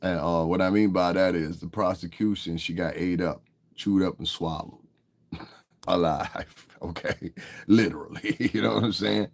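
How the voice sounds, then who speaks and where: A man's voice: low-pitched, fairly even intonation, unhurried, vocal fry. Profane, confrontational male livestreamer. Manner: profane and confrontational, heated tirade at viewers. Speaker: livestream host. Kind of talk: live-stream commentary, talking to chat.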